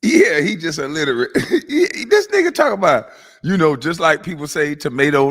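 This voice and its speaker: A man's voice: on the high side, wildly swooping pitch, brisk, slightly rough. A man hosting a stream, mocking clips in profane casual roast commentary, his nose stuffy. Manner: mocking, profane, bursts into laughter. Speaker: host reacting to clips.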